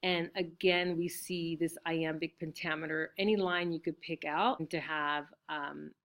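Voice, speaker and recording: A woman with a fairly low voice talks through a classroom lesson. She explains patiently and often checks in with a quick "right?". Her delivery is loose and unscripted, with small fillers and restarts. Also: steady tone, fairly bright tone. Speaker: teacher.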